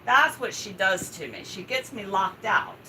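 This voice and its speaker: A woman hosts a live stream from a home setup, chatting casually while grooming her dog in a coaxing, soothing baby-talk manner. Her mid-range voice comes at normal speed and sounds pushed and bright. The rough recording carries slight background noise.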